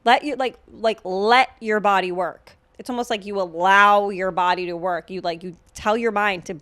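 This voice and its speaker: A woman's voice: medium pitch, steady tone, moderate pace, a bit bright, no echo. A woman hosting a podcast in a casual chat, sarcastic and profane, with lots of filler words. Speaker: podcast host.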